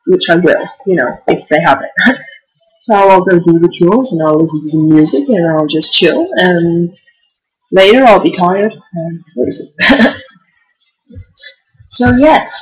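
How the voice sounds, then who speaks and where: A woman's voice: medium pitch, breathy edge, rough recording. A young woman vlogging, telling a story in a chatty, giggly way full of "like" and restarts. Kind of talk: casual storytelling to camera.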